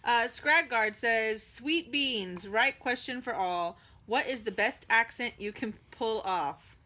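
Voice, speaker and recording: A woman with a bright, crisp voice hosts a relaxed home video chat. She talks chattily and loosely, with plenty of casual filler words. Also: on the high side, takes it slowly. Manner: chatty, lots of "like" and "totally". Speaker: co-host.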